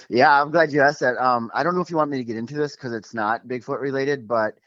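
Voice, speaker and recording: A man from Minnesota telling a story as a guest, animated and quick, with many fillers. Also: mid-range voice, no echo, muffled recording. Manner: animated, fast, lots of fillers like "like" and "um". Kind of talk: casual storytelling over a call.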